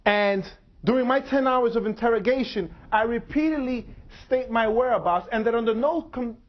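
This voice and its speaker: A man in his forties delivers a public lecture in short, measured phrases broken by dramatic pauses. His voice sits fairly high. The recording is dull and lo-fi. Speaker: speaker.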